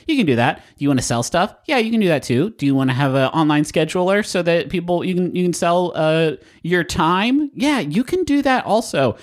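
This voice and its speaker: A man co-hosting a comedy podcast, joking his way through sponsor reads. His pitch jumps up and down constantly, and he keeps slipping into mock-grand, silly voices. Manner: jokey, mock-dramatic, swoops into silly voices. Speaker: podcast co-host. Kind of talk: playful ad reads and banter.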